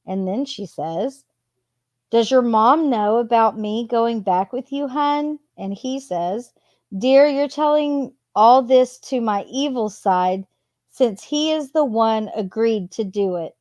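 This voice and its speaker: A woman hosting her channel, reading text messages aloud in a plain, unhurried way and adding casual asides between them. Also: a little high, darkish tone, no echo. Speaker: channel host.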